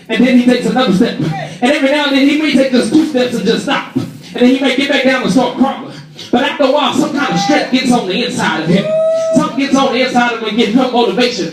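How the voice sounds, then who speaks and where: A man preaches with a strikingly high voice, shouting out key phrases as he drives his point home. He is heard from a distance in a very echoey church hall. The congregation can be heard responding around him. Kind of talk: sermon.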